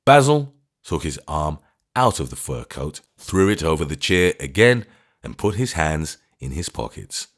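A man narrating a classic thriller audiobook in a measured storytelling voice. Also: very deep voice, very animated. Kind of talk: scripted narration.

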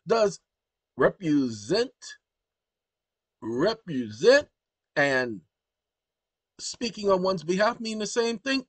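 Lively high-voiced man ranting. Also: slow, long pauses, breathy edge, no echo. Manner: animated and exclaiming, colloquial. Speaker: channel host. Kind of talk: casual commentary to viewers.

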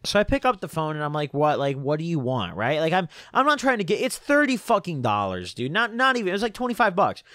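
Animated young man telling a story. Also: high voice, fast talker, hardly any pauses, dry recording, studio quality. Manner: animated, profane, indignant storytelling. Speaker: vlogger. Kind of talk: storytime vlog.

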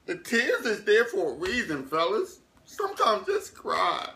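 A man's voice: high voice, wildly swooping pitch, measured pace, few pauses, pushed and bright. A man doing a comic monologue to camera, mock-emotional and drawn out, with fake crying. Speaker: comedy vlogger.

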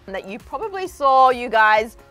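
A woman's voice: sits high, very animated, moderate pace, bright, forceful tone, faint music behind. A young adult woman co-hosting a casual celebrity news show, chatty and upbeat, often addressing viewers as you guys. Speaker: entertainment news co-host.

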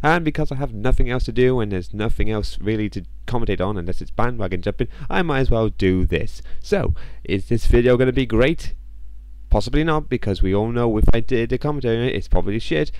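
A man's voice: medium pitch, animated, a little fast, darkish tone. A man hosting a video commentary, speaking in a sarcastic, mocking way.

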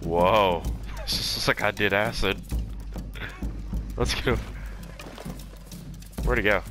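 A man's voice: lowish voice, steady tone, unhurried. A man giving casual, joking gameplay commentary, full of exclamations. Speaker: gamer. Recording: game audio with loud music.

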